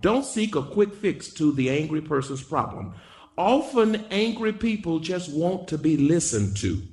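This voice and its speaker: Animated preaching man, slow delivery. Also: fairly high pitch. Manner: preaching with repetition and call-and-response. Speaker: pastor. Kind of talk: sermon.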